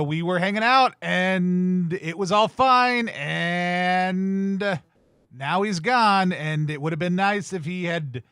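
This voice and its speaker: A man's voice: high voice, fairly bright tone, smooth, no room sound, studio quality. A man playing a character in a tabletop game, indignant and rambling. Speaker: player. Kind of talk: tabletop role-play chat.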